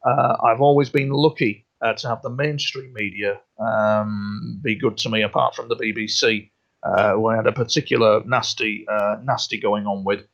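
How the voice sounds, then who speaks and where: A man's voice: fairly low pitch, fairly even intonation, normal speed, vocal fry, fairly bright tone. A man, a radio interview guest, talking earnestly and rambling, often repeating himself and restarting his sentences. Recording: dull lo-fi sound.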